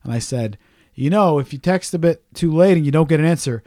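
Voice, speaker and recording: A man's voice: on the high side, fairly quick, mellow, dry recording, studio quality. A man telling a long story on a casual podcast chat, swearing often and ranting in exasperation.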